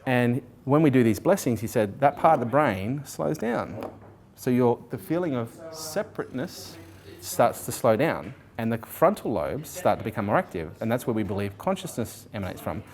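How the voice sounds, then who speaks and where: A man in his forties telling his life story in an interview, animated, swearing freely and acting out what people said. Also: mid-range voice, normal speed. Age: 40s. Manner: animated, swears freely, acts out quoted speech.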